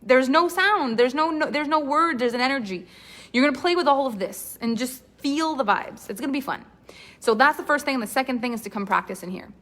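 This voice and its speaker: An enthusiastic woman coach talks her class through voice exercises in a loose, chatty ramble. Her voice sits a little high for a woman. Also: lively intonation, brisk, a bit bright. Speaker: voice acting coach. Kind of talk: live online class.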